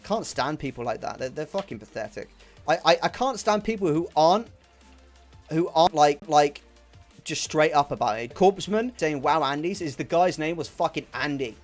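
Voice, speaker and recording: A young man rants and swears through his gaming stream, stumbling over and repeating his words in frustration. His voice sits somewhat high for a man, and faint game music plays under him. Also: expressive, moderate pace. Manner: angry, profane, repeats himself. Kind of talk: ranting chat while streaming a game.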